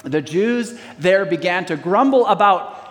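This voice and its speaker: A man's voice: sits high, animated, unhurried, big-room sound. A man preaching a sermon as pastor, reading scripture aloud and calling on the congregation to answer back. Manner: preaching with call-and-response to the congregation.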